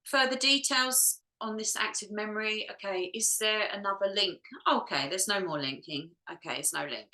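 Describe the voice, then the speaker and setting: A woman guides a group healing session in a bright, clear voice, checking each step aloud in a soft, musing way. She sounds close to tears at times. The room around her is echoey. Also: medium pitch, normal speed, few pauses. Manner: soft, musing, talks to herself while checking. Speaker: energy healer.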